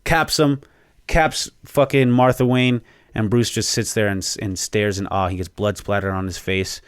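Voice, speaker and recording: A young man with a low voice tells a film's story on his podcast, swearing as he rambles through the plot. The sound is close and dry. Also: normal speed, clean tone, dry recording. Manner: excited storytelling with frequent swearing; rambling, with fillers and restarts. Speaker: podcast host. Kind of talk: casual movie spoiler recap.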